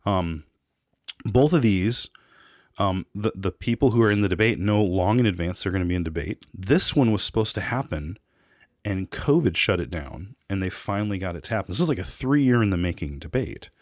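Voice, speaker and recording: A man's voice: sits low, expressive, moderate pace, no room sound, studio quality. A man co-hosting a podcast, talking casually and reviewing a debate, with frequent restarts and asides. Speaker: podcast co-host.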